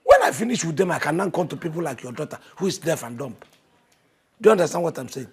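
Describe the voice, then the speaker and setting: A brash, dismissive Nigerian rogue with a very rough, husky voice that sits a little high. He brushes off every accusation with boastful scorn. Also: lively intonation, fast, heavily acted. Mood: scornful. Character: arrogant young man dodging responsibility.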